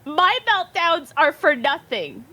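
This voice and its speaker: Woman, guest streamer, casual chat, high pitched, animated storyteller. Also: takes it slowly. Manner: animated storyteller, acts out her own past outbursts.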